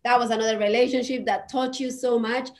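A woman's voice: fairly high pitch, steady tone, brisk. A woman co-hosting a casual chat, encouraging and emphatic as she turns stories into lessons for the listeners. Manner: encouraging, speaks to listeners as "people"; emphatic, motivational. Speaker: podcast co-host.

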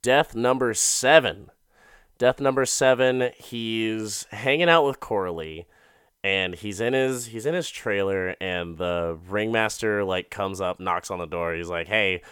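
A young man casually recapping an episode, rambling and profane, slipping into quick character voices and laughing at his own jokes. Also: lowish voice, fairly bright tone, smooth, dry recording, studio quality.

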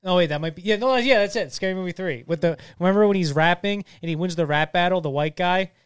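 A man's voice: high-pitched, fast talker, clean tone, no echo, studio quality. A young man in casual chat with friends, blunt and swearing freely.

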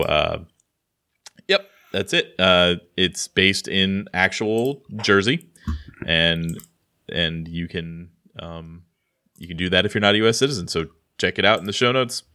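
A man's voice: low voice, sharp tone, smooth. An American man co-hosting a podcast, chatting casually in a rambling, self-deprecating way with lots of restarts. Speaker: podcast co-host. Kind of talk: casual chat.

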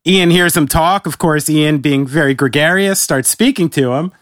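A man from New York with a New York accent hosts a podcast in a laid-back, casual way, laughing often and swearing freely. His voice sits high for a man. The sound is dry and close-miked, with no room echo. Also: normal speed, a bit bright. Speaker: podcast host. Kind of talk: casual chat.

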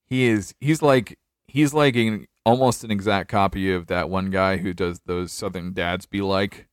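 A man's voice: sits low, steady tone, a little slow, smooth, no echo, studio quality. A young man from North Carolina hosting a casual podcast, joking, laughing often and trailing off in restarts. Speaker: podcast host. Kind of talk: casual chat.

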